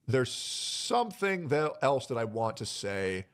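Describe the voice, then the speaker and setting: A man making a personal announcement on his stream, hesitant and emotional, pausing often with fillers. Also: mid-range voice, sing-song, clear, resonant tone.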